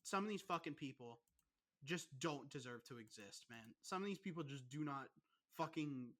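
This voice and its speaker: A young man holds forth on a casual podcast, cursing in nearly every sentence as he builds a rant. His voice is bright and forward, and his delivery stays animated and aggrieved. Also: medium pitch, normal speed. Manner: swears constantly, ranting, animated. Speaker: podcast co-host.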